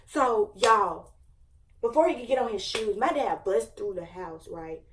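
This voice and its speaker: A woman's voice: medium pitch, lively intonation, unhurried, recorded from a distance, slight background noise. A young woman in her late teens, casually telling a dramatic storytime with lots of slang and fillers. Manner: chatty, slangy, dramatic retelling. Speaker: vlogger.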